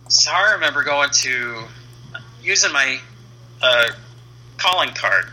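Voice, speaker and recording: This fifties-aged comic book letterer has a voice on the high side, speaking at a measured pace and pausing often. As an interview guest he casually shares an anecdote, lively and acting out dialogue, though the recording is low quality.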